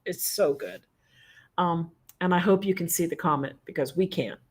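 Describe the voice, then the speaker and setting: A woman's voice: on the low side, normal speed, slightly rough. American woman co-host, chatty, laughs a lot, casual livestream talk. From United States. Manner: chatty, laughs often, animated.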